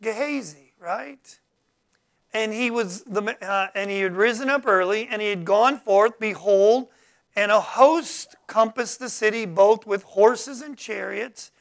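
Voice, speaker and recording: A preacher delivers a sermon from the Bible, reading verses aloud, explaining them, and calling on the congregation to respond. His voice sits at a medium pitch, and his delivery is halting, full of fillers and restarts.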